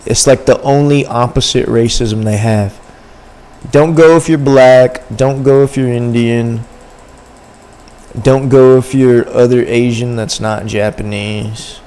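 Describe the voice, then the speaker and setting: A man's voice: medium pitch, steady tone, slow pace, a little mellow, smooth. A young man livestreaming, chatting casually and rambling in slang to his viewers. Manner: rambling, slangy, talks to chat. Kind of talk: casual stream chat.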